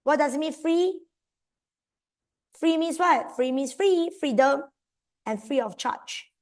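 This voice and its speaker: A woman with a Malaysian English accent, teaching a history exam seminar in an animated, coaxing way. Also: high voice, slow pace. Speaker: history tutor.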